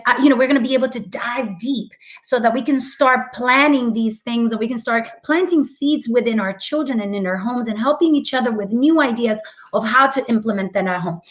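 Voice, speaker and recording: A middle-aged woman co-hosting a casual parenting talk, speaking with frequent affirmations and fillers. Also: on the high side. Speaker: co-host of a parenting meetup. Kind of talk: casual instructive chat.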